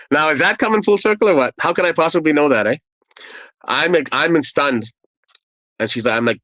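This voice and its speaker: A man's voice: lowish voice, fast, fairly bright tone, no echo, rough recording. A man, a guest telling a personal story in a candid, rambling way full of asides. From Canada. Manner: conversational and rambling, with asides and restarts.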